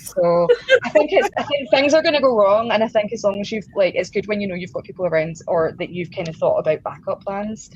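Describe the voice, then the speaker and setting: A woman's voice: medium pitch, animated, fairly quick, hardly any pauses. A woman drummer and singer, a guest in a casual interview, talking in a chatty, self-deprecating way and laughing often. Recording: slightly dull lo-fi audio with faint noise.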